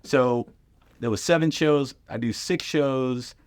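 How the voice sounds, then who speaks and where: A man's voice: mid-range voice, takes it slowly, clean tone, no echo. A middle-aged man, a comedian, telling casual stories on a podcast and acting out the voices of other people in his quotes. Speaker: comedian guest.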